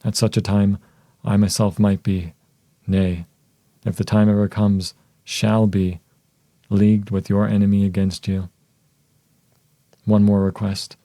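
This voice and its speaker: A man voicing a devoted young wife in an audiobook, soft and measured, with a very mellow, low voice. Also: little pitch movement, no room sound. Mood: solemn tender.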